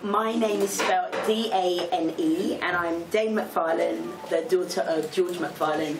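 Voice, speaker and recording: A woman's voice: lowish voice, a little slow. A woman in her thirties, a primary school teacher, giving cheerful, easy answers in an interview. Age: 30s. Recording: echoey and noisy.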